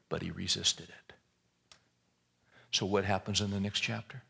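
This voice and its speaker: A man's voice: low-pitched, steady tone, moderate pace, gravelly, bright, forceful tone, breathy edge. A man preaching a sermon, retelling a scripture story in a folksy, joking way and often repeating words as he restarts a thought.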